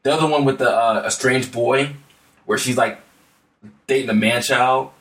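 A man's voice: medium pitch, steady tone, normal speed, a bit bright, roomy sound, distant mic. A man talks through songs in a loose, rambling way, his words full of fillers and restarts. He sits a little back from the mic, and the room around him rings. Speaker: podcast co-host. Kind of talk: casual music chat.

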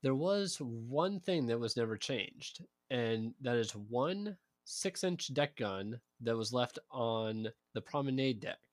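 A man's voice: mid-range voice, expressive, takes it slowly, hardly any pauses, no echo. Male podcast co-host, plain explainer of history, close and dry sound. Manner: explanatory, matter-of-fact storyteller. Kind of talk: casual history podcast narration.

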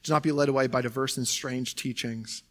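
A man's voice: medium pitch, steady tone, a little fast, fairly bright tone. A young adult man who is a pastor, preaching a sermon in a conversational way, often saying "like" and "right?".

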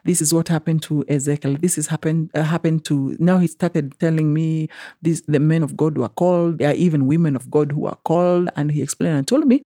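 A woman's voice: low voice, brisk, dark tone, no room sound, clean studio sound. A woman with a Kenyan accent tells her personal story in an interview, earnestly and with frequent restarts, acting out what others said to her. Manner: earnest, retells events by acting out quoted speech.

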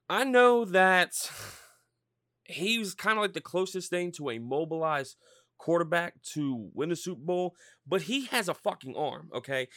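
A man hosting a podcast, ranting about sports in a loud, profane, rambling way. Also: on the high side, dry recording, studio quality. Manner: loud, swearing, rambling and fired-up. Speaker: podcast host.

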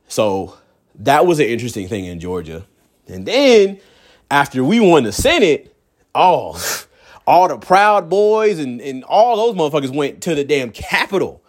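A young man, ranting casually and profanely, often mimicking people in a high voice. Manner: drops to low, slow tone when serious. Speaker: vlogger.

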